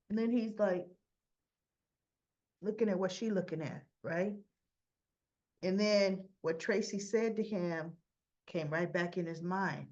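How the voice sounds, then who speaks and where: A woman casually recapping a soap opera episode, retelling the scenes in a chatty, animated way and slipping into quick character voices. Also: medium pitch. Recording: slightly muffled lo-fi audio.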